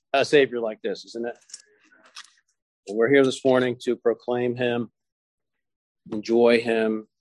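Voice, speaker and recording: A man preaching a sermon to his congregation, slowing down and stressing key phrases as he quotes scripture. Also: medium pitch, a little mellow, dry recording.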